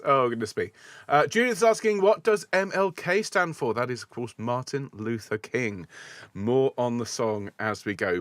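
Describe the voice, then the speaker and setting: A man's voice: medium pitch, dry recording. A man, a choir's musical director, chatting playfully and enthusiastically to viewers of a live online rehearsal.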